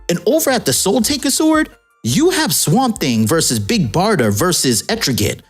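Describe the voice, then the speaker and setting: A woman's voice: deep voice, slightly rough. A woman narrating a comic storyline in a playful, jokey, casual storytelling way.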